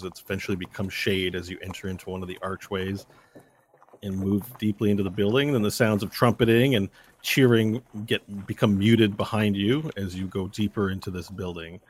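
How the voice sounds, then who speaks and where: A man's voice: low-pitched, a little hiss or hum. Laid-back male game master. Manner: relaxed, loose narration with fillers. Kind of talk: narrating a tabletop game.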